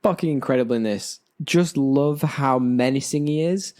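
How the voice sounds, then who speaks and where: An enthusiastic man co-hosting a casual podcast, talking at a middle pitch. He keeps the conversation moving, asking questions and pulling it back on track. His delivery is relaxed and chatty. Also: normal speed. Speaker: podcast co-host. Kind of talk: casual chat.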